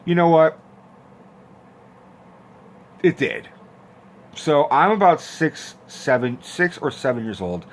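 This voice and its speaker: A young man telling a story in a casual, animated, profane rant, acting out quotes with squeaky voices. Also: measured pace. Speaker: host of a horror film rant channel.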